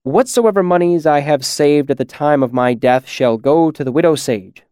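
A man's voice: on the high side, animated, normal speed, a little mellow, smooth, dry recording, studio quality, voice pushed up, lightly acted. A man voicing a sly young man who dictates a mock will in a grand, magnanimous way.

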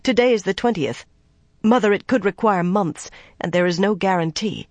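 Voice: mid-range voice, normal speed, no echo, voice pushed up, close to an everyday voice. A narrator voicing an anxious woman who earnestly pleads and justifies herself, in a dry, close recording. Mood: pleading.

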